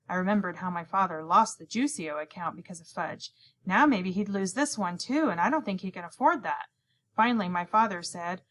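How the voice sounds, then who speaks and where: A woman's voice: fairly low pitch, a little fast, fairly bright tone. A woman reading a children's novel aloud, narrating as a young boy and acting out the other characters' lines. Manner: reads in a boy's first-person voice, acting out each character's lines. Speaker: audiobook narrator. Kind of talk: scripted narration.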